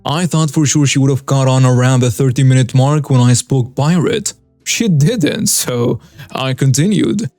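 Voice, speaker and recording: Male narrator, somewhat high, mellow tone, dry close read of scripted stories. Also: no room sound. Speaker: story channel narrator.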